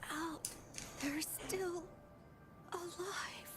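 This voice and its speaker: A gruff, foul-mouthed android warrior woman, with a high but hard-edged voice. She speaks in short, blunt bursts over game music. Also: steady tone, very slow, full character voice. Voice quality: gruff, curt. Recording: game audio with clear music.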